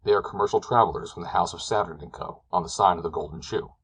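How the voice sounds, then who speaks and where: A man narrating a classic novel as an audiobook, in a measured, descriptive storytelling manner. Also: low voice, a bit bright, husky, rough recording.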